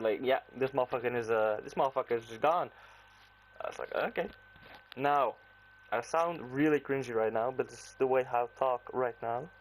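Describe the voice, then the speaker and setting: A man's voice: mid-range voice, slight background noise, rough recording. A man with an Antwerp Flemish accent telling a casual storytime, rambling and packed with "like" and acted-out dialogue. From Belgium, Antwerp. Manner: rambling, full of "like" and quoted dialogue. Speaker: vlogger.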